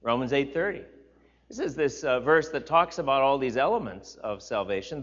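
Animated man teaching a Bible class. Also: medium pitch, moderate pace. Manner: animated, emphatic repetition, chatty asides to listeners. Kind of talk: informal sermon teaching. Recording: slightly dull, lo-fi recording.

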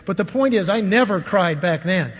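Older pastor preaching in a reverberant hall. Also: male voice, sits high, lively intonation, normal speed, slightly rough. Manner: storytelling, asks the congregation questions. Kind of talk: sermon. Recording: dull, long echo of a large hall.

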